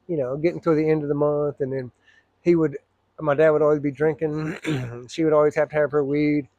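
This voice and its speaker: Middle-aged guy telling his own story, blunt, cusses, rambles, clears his throat a lot, kinda high voice, dry close sound. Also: steady tone, brisk, dark tone, no echo, dull audio. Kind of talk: personal storytelling.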